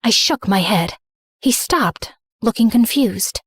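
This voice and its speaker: A woman narrating in first person as a remorseful, misunderstood teenage girl, earnest and soft. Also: medium pitch, expressive, slow pace, breathy edge, dry recording, clean studio sound, heavily acted. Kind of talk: scripted story narration.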